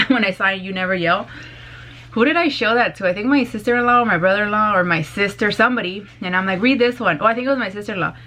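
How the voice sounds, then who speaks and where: A woman vlogger chatting casually to her camera, loud and bubbly, laughing often. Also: mid-range voice, fast. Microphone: compact camera.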